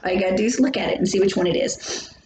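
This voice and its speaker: A woman's voice: mid-range voice, racing, darkish tone. Woman, casual biology teacher, echoey room, faint hum. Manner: chatty, jokey, talks straight to students. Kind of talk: recorded lecture.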